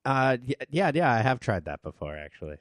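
A man's voice: medium pitch, big pitch swings, fairly quick. A man hosting a podcast in casual chat, teasing and swearing offhandedly. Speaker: podcast co-host.

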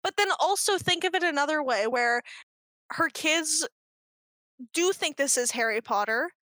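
Bright, high-voiced sarcastic young woman. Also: moderate pace, no room sound. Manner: animated, sarcastic, many "like"s. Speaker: podcast co-host. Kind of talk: casual chat, reading fan fiction aloud.

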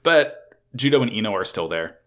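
A man co-hosting a podcast, recapping an anime episode in excitable, swear-heavy casual chat and acting out characters' lines. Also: fairly low pitch, normal speed. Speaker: podcast co-host.

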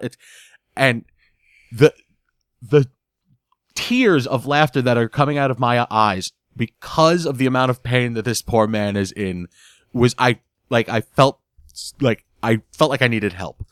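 Man, mid-pitched, casual podcast recap. Animated and giggly, with lots of restarts. Dry, close sound. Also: unhurried, pauses often, smooth, no room sound. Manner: animated storytelling, giggles often, repeats words while he searches for them.

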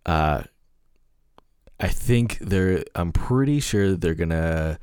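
Deep-voiced man chatting loosely. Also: animated, slow pace, darkish tone, clear, resonant tone, no echo, clean studio sound. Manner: hesitant, many fillers and restarts. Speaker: podcast co-host. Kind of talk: casual chat.

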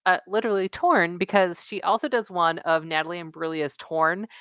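A woman's voice: lowish voice, fairly quick, a bit bright, clear, resonant tone. A woman from Southern California co-hosting a podcast, chatting casually with lots of fillers and restarts. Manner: chatty, many fillers and restarts, laughs often. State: allergies, occasional cough. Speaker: podcast co-host. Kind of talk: casual chat.

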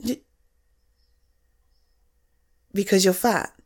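A woman's voice: mid-range voice, steady tone, fairly quick, a little mellow, slightly rough, close to an everyday voice. A woman playing a young woman's blunt best friend in a one-sided audio role-play, swearing freely and giving frank tough love. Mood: exasperated. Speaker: friend talking to the listener.

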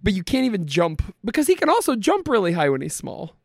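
A man's voice: high-pitched, huge pitch swings, brisk, dry recording, clean studio sound. A man co-hosting a podcast in casual chat, playful and teasing, with some swearing. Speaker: podcast co-host.

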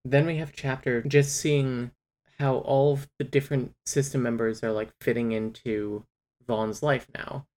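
A podcast co-host with a medium-pitched, darkish voice recaps a novel in a steady tone and unhurried pace. The book discussion is casual and rambling, packed with fillers and restarts.

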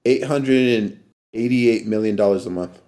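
A man's voice: medium pitch, moderate pace, dark tone. A man hosting a podcast in casual chat, laughing often and swearing casually. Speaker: podcast host.

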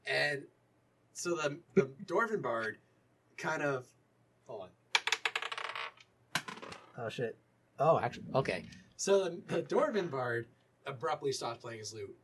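A young man with a husky voice, narrating a tabletop role-playing game as game master in a loose, joking way. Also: medium pitch, expressive, slow pace, long pauses, noisy background.

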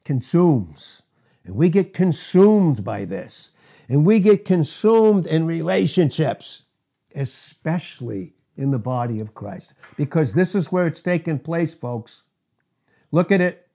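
Guy preaching a sermon, bit high-pitched, punchy, keeps throwing questions at the crowd. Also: a little mellow. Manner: emphatic, asks the congregation rhetorical questions.

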